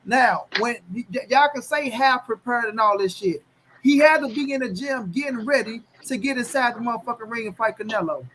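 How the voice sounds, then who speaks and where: A man co-hosting a boxing talk show, arguing loudly and profanely, talking over the other host in a heated casual debate. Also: very high-pitched, fairly quick, crowd noise, rough recording.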